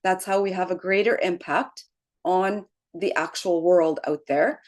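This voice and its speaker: A woman's voice: medium pitch, animated, moderate pace, darkish tone. A middle-aged woman leading a motivational team call, encouraging and chatty, often tagging her points with "right?". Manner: encouraging, frequent "right?" tags, laughs easily. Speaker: team leader.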